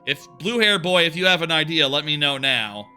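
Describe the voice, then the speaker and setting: A male streamer talking loosely over his gameplay, with a very bright, forceful edge to a somewhat high voice. His tone is smooth and clean. He chats casually and answers his viewers between levels. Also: lively intonation, a little fast, faint music behind. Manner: chatty, answers viewer chat between plays. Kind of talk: casual live-stream chat while gaming.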